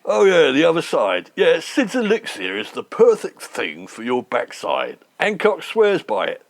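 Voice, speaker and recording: A man voicing a roguish, gravelly chancer with a sly salesman's patter. The voice sits low and rough, with lively swings in pitch, in a comic audio sketch. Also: unhurried, exaggerated voice. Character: cackling roguish middle-aged con man, gravelly.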